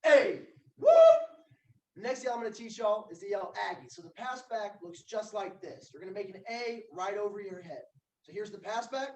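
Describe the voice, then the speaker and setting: A young man, an energetic yell leader introducing and teaching a chant. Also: high voice, a little fast, slight background noise. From Texas. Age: young adult. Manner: energetic, announcing. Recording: echoey room from far off.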